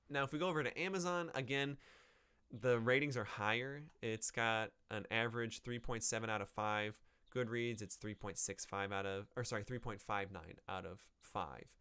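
A man's voice: on the low side, normal speed, sharp tone, clear, resonant tone, no room sound. A man hosting a podcast, chatting casually about a book with hesitant fillers, restarts and wry offhand asides. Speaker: podcast host. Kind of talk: casual book review chat.

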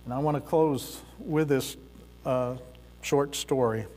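Slow, deliberate man preaching in a reverberant hall. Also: medium pitch, a little mellow. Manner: slow, deliberate delivery with pauses and occasional fillers. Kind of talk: sermon with a storytelling close. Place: church sanctuary.

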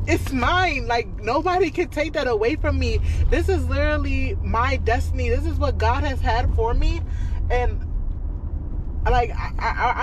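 Chatty young woman vlogging with background noise. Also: on the high side. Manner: chatty and effusive, lots of "like" and "y'all". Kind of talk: casual vlog talk to camera.

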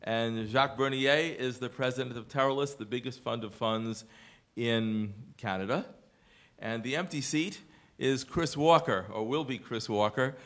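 A man's voice: mid-range voice, moderate pace, fairly bright tone. An American man introducing a conference panel, earnest and lightly self-deprecating, with many fillers. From United States. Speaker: panel moderator. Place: conference hall.

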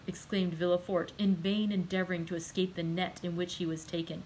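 A woman librarian narrating a classic novel aloud in a steady, measured reading. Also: on the low side, a little hiss or hum, poor audio. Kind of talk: audiobook narration.

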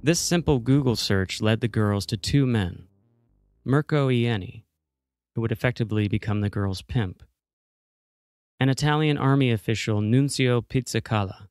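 Low-voiced true crime podcast host. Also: male voice, no room sound, studio quality. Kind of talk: scripted true crime narration.

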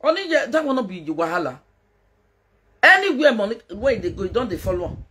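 Husky Nigerian woman ranting mockingly. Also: medium pitch, sing-song, quick pace, bright, forceful tone. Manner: mocking, laughing, scolding. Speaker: social media commentator. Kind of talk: casual live-stream gossip rant.

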